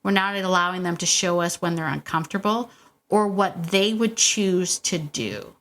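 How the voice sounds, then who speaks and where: Encouraging woman host, fairly low voice. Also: normal speed. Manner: warm, encouraging, laughs often, repeats herself. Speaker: podcast host, dog trainer. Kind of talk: casual coaching monologue.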